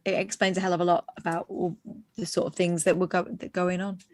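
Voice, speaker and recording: A woman's voice: on the low side, level tone, brisk, darkish tone, dry recording, studio quality. A woman co-hosting a radio show, telling stories candidly and bluntly, with mild swearing. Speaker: radio co-host. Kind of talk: casual radio chat. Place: radio studio. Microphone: studio microphone.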